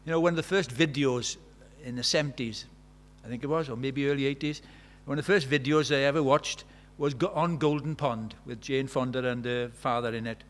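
A man preaching a sermon, conversational and animated, swinging from loud exclamations to quiet, intimate tones. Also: medium pitch, a little fast, few pauses. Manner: conversational, uses quoted dialogue and filler words.

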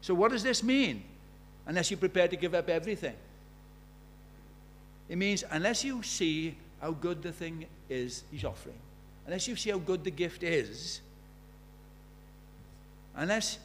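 A man preaching a sermon in church, his voice sitting a little high for a man. He drives his points home with emphatic repetition and rhetorical questions, dropping from forceful declarations to hushed asides. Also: lively intonation, a little slow, pauses often, a little hiss or hum.

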